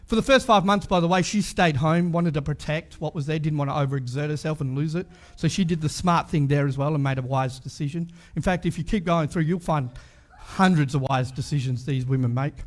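A man's voice: on the high side, a little fast. A man preaching a sermon in a chatty way, full of asides and rhetorical questions.

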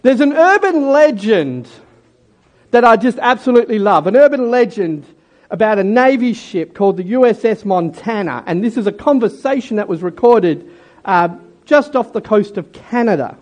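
A man's voice: high voice, lively intonation, moderate pace. A man preaching a sermon in a jokey, conversational way and talking directly to his congregation. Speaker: pastor.

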